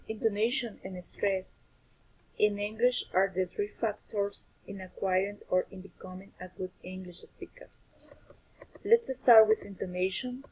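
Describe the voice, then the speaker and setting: A woman giving a scripted lesson on pronunciation, explaining carefully and deliberately with examples. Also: mid-range voice, dark tone, breathy edge, low-quality recording.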